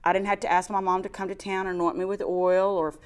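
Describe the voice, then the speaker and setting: Animated woman telling a faith story. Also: mid-range voice, fast talker, clear, resonant tone. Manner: animated storytelling, mimics her own whiny crying voice. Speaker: co-host sharing a testimony. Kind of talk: casual faith talk show.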